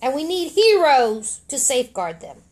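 A woman's voice: high-pitched, very animated, moderate pace, a little mellow. A woman reading as a formal noble frog. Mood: solemn. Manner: stiff, old-fashioned formal speech.

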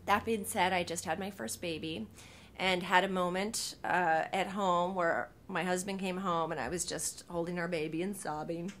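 Woman in her thirties, TV writer on a panel, animated storytelling, lots of restarts, faint rumble behind. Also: moderate pace. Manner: animated, many fillers and restarts, acts out quoted lines.

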